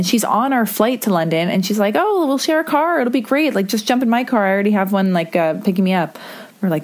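Young woman rambling about her trip, kinda low voice, jokey and self-mocking, bursts into quotes. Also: darkish tone. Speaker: vlogger. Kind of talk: casual storytelling to camera. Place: hotel room.

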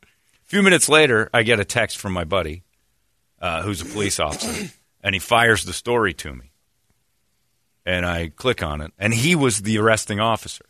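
A man chatting on talk radio, spinning a story with lots of energy and loud acted-out quotes. His voice is bright and forceful. The sound is dry and close to the mic. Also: on the low side, moderate pace, pauses often, no room sound. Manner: animated storyteller, acts out quotes loudly. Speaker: radio show host.

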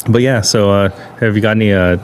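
A man hosting, chatting in a relaxed way with lots of fillers. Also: lowish voice, brisk, a little hiss or hum. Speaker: podcast host. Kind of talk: casual chat.

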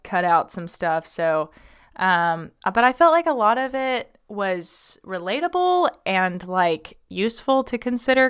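Chatty woman podcast host, smooth voice. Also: medium pitch, fairly bright tone. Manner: chatty, many ums and likes, laughs at herself. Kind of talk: casual podcast, reading a listener question.

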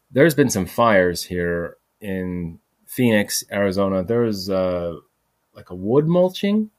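Male podcast host, low register, loose rambling delivery, swears mildly. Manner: rambling, peppered with "freaking" and "like". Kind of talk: rambling solo monologue. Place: home recording, voice message.

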